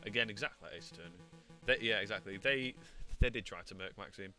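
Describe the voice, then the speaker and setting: A VTuber streamer plays a courtroom video game, reading the dialogue aloud and cracking jokes in casual let's-play commentary. His voice is fairly low and quick, bright and forceful, with soft music in the background.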